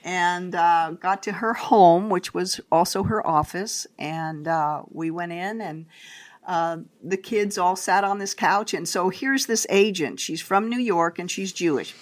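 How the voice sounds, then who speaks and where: An older woman, a guest in an interview, telling a family story in a lively way and acting out what people said. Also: lowish voice, unhurried. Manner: animated storyteller, acts out quotes.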